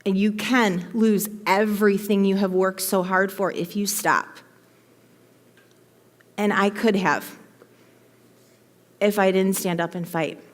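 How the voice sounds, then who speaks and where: A woman telling a heartfelt personal story to her team in an emphatic, animated way, in front of a live audience. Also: mid-range voice, slow, pauses often. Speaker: motivational speaker to her team. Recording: long hall reverb.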